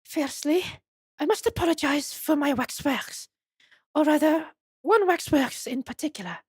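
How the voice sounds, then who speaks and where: A grand waxwork museum madame speaks in a put-on French accent, as a woman reads her aloud. Her voice sits high and lofty, every phrase delivered with theatrical airs. The sound is close and dry. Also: moderate pace, a little mellow, dry recording, close to an everyday voice. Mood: haughty. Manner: grand and mannered, slightly shaky accent. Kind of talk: reading game dialogue aloud.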